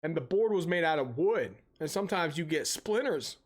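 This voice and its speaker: During casual live-stream chat while gaming, a young adult man's slightly high voice moves at an ordinary pace. Heavy swearing and ranting mix with animated storytelling.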